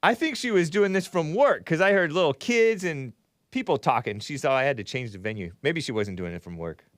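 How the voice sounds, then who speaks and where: A man's voice: fairly high pitch, expressive, brisk, fairly bright tone, no echo, clean studio sound. A male show host giving rambling, sarcastic commentary, chuckling between remarks as he reads from a chat.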